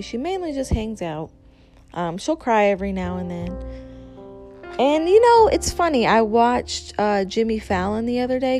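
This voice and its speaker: A young woman hosts her own podcast, chatting casually on her own and rambling with plenty of fillers and restarts. Her voice sits at a medium pitch with a somewhat dark tone.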